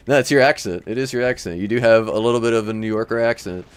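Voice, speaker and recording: A man's voice: medium pitch, quick pace, clear, resonant tone. Chatty Midwestern man who laughs a lot. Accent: Midwestern American. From Michigan. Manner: rambling and chatty, laughs often. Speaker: livestream host. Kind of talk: casual livestream chat with viewers.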